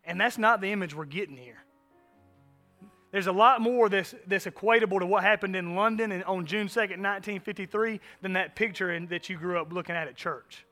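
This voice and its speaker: A man preaching a sermon as pastor, animated, swinging from loud emphasis to hushed asides. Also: high-pitched, a little fast, faint music behind.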